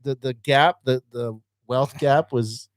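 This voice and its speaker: A man's voice: mid-range voice, fairly even intonation, slow, no room sound, studio quality. A man co-hosting a podcast, chatting casually and joking around. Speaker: podcast co-host. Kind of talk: casual chat.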